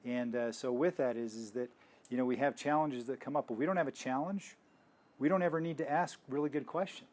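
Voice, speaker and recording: A man's voice: medium pitch, a little fast, a little mellow. A man teaching in a casual faith talk, rambling with restarts and telling stories. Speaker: health ministry teacher.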